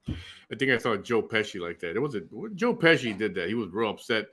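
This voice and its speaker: A man with a fairly low voice talks casually over a clip he is reacting to. He scoffs at what he hears and answers with sarcasm. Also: very animated, normal speed, pauses often, sharp tone.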